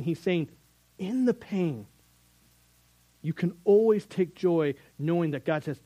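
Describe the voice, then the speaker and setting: A man's voice: high voice, expressive, slow pace, pauses often, darkish tone, no room sound, poor audio. A middle-aged man preaching a sermon as a youth Bible teacher, earnest and conversational, with sudden emphatic rises.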